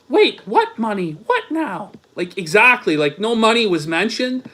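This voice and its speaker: A man's voice: high voice, sing-song, slow, pushed and bright. A man giving sarcastic, profanity-heavy online commentary, reading messages aloud with incredulous asides, his voice a bit strained from long talking. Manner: sarcastic, swears a lot, incredulous.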